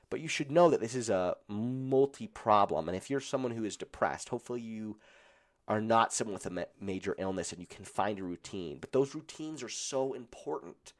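A man hosting a solo podcast, his voice roughened by a cold, talking in an earnest, blunt and encouraging way. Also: on the low side, expressive, brisk. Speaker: podcast host.

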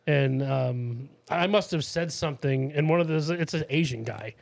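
A man's voice: a little high, normal speed, gravelly, no echo. Man. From Massachusetts, USA. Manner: rambling, laughing, with frequent fillers and profanity. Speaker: podcast co-host. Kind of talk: casual storytelling chat.

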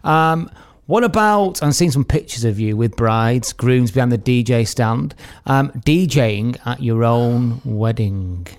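A man from the UK hosting a casual podcast chat, upbeat and quick to prompt with questions. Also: mid-range voice. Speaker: podcast host.

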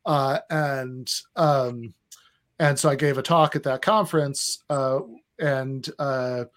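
A man co-hosting a casual podcast, telling long stories in a rambling, hesitant way with many pauses. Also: mid-range voice, steady tone. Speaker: podcast co-host.

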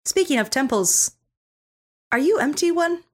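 Woman doing a smooth half-elf charmer. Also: sits high, expressive, a little slow, voice pushed up. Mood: charming. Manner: smooth, flirtatious. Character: charming silver-haired male half-elf.

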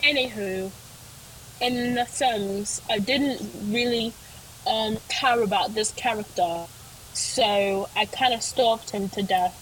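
A woman's voice: a little high, takes it slowly, slight background noise, low-quality recording. A young woman co-hosting a podcast in casual chat, telling rambling stories with many fillers. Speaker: podcast co-host.

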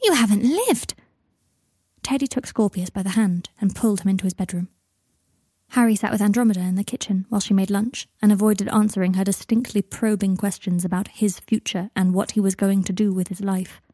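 A woman narrating a story aloud in a calm, even storytelling manner. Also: medium pitch, fairly quick, no room sound. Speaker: reader. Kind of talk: audiobook narration of fiction.

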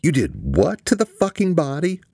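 A man with a deep voice voicing a suspicious, controlling woman boss who barks and curses. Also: huge pitch swings, measured pace, creaky, a little mellow, no room sound, studio quality, exaggerated voice. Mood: furious. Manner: barking, cold.

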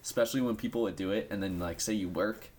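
A man's voice: fairly low pitch, fast, a little mellow, a little hiss or hum. A man talking bluntly in a casual podcast chat, swearing freely.

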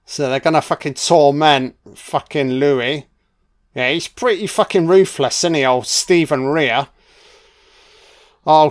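A young British man reacting to a film as it plays, swearing constantly and calling out what happens on screen. His voice sits a little high for a man and comes through smooth and clear. He talks at an unhurried, drawn-out pace. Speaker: film commentator. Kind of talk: live film reaction commentary.

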